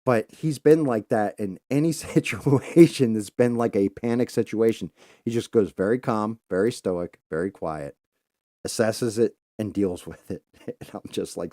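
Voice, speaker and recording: A middle-aged man hosting a talk show, telling a story casually, swearing freely and acting out his own loud outbursts. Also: on the low side, moderate pace, no echo, studio quality. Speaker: podcast host.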